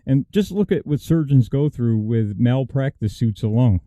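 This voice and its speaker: A man's voice: mid-range voice, animated, normal speed, dark tone, dry recording. A man, co-hosting a casual political talk show in an emphatic, indignant way.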